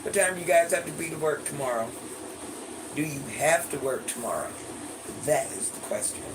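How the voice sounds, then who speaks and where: A woman with a naturally deep voice, hoarse and losing it, chatting casually with viewers on a live stream and greeting them by name. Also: lively intonation, moderate pace. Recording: noisy background hiss.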